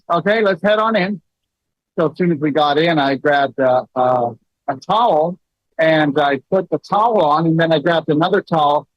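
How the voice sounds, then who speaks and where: A middle-aged man telling stories in a loose, casual way, full of fillers and animated asides. His voice sits a little high. The sound is dull and lo-fi, dry with no room to it. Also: dry recording. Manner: storytelling, many fillers, rising into animated quoted lines. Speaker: host. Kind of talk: casual livestream talk.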